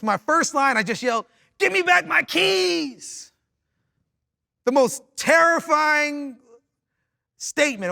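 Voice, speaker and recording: A man preaching a sermon through a personal story, animated and full of restarts, moving from loud exclaiming to quiet reflection. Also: high voice, vocal fry, no echo, clean studio sound. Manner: animated, with frequent restarts and repeated words. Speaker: pastor.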